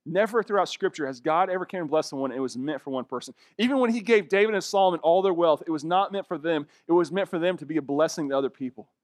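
A young man delivers an earnest sermon as a pastor, pressing his points and turning to the listeners with direct questions. His voice sits a little high for a man. The recording is dry and close, with no room sound. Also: fast talker, hardly any pauses, dry recording.

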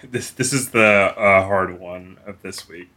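A man's voice: low-pitched, unhurried, bright, forceful tone. A man co-hosting a podcast, asking quiz questions in a casual, teasing way and laughing often. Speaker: podcast co-host, quizmaster.

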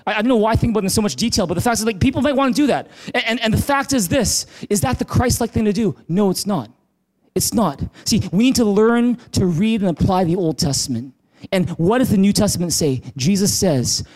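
A male pastor preaching a sermon in a church, animated, often restarting words and asking the congregation questions. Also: high voice, brisk. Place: church in Vancouver.

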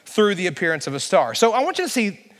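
A man's voice: high-pitched, very animated, quick pace, fairly bright tone, big-room sound. A male pastor preaching a sermon emphatically, building to passionate peaks.

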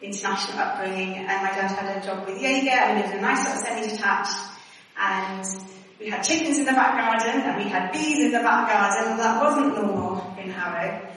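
A middle-aged English woman with a faint Welsh lilt shares her personal testimony, chatty and anecdotal, acting out little bits of dialogue. Her voice sits at an ordinary pitch and comes from some way off the mic. A long, roomy reverb from the church hall surrounds every word. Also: a little fast, a bit bright. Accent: English with a slight Welsh twang. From England. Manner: chatty, anecdotal, laughs often, acts out dialogue. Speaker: guest speaker at a church service. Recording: echoey hall from far off.

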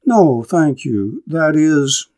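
A man's voice: on the high side, big pitch swings, very slow, darkish tone, heavily acted. A man voicing an earnest, wistful woman farm owner who speaks eagerly and lingeringly.

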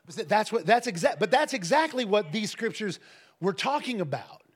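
A man preaching a sermon to a congregation, telling stories emphatically and breaking into shouts and laughter. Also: sits high, moderate pace, husky. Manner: emphatic, swings into shouting and laughter, lively storytelling. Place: church service with a congregation.

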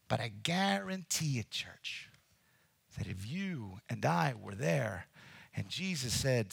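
A man preaching a sermon, animated, acting out scenes and addressing the congregation directly. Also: fairly high pitch, a little slow, gravelly, no echo. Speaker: pastor.

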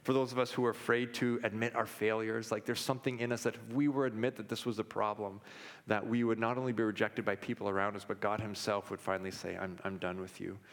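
Male pastor, thirties, lowish voice, candid storytelling sermon, long hall reverb. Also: little pitch movement, fast. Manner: candid, personal storytelling with frequent restarts and fillers.

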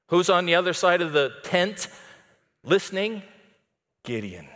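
Preacher guy telling bible stories, acts out all the parts, bright voice, long churchy echo. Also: mid-range voice. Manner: animated storytelling that acts out the characters. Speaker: pastor. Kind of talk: sermon. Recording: long reverb of a church hall.

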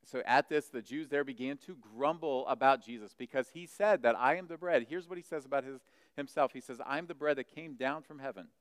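A male pastor preaching a sermon. He retells a scripture passage and voices the doubting crowd with a rising, agitated pitch. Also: a little fast, hardly any pauses, clean tone, no room sound, long reverb tail.

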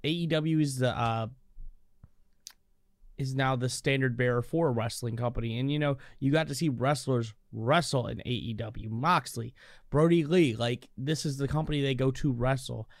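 A man's voice: medium pitch, moderate pace, no echo, clean studio sound. A man in casual chat as a podcast co-host, giving strong opinions and often restarting his sentences. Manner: opinionated, stumbles over restarts.

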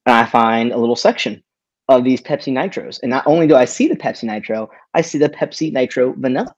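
Male co-host, mid-pitched, profane storyteller, dull dry recording. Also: lively intonation, fast, no room sound. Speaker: podcast co-host. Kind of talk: casual chat.

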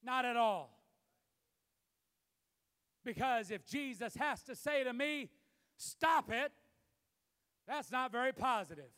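A man preaching a sermon as pastor, building to shouted emphasis, recorded in a church. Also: extremely high pitch, animated, unhurried, long pauses. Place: church sanctuary. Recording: long hall reverb.

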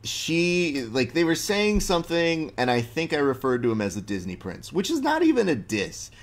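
A man's voice: on the high side, huge pitch swings, moderate pace. Laid-back slangy male podcast host. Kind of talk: casual interview chat.

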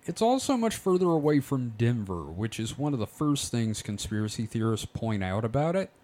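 A man's voice: medium pitch, sing-song, moderate pace, darkish tone. A man hosting a podcast, telling the story in a casual way and swearing freely. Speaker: podcast host presenting the topic.

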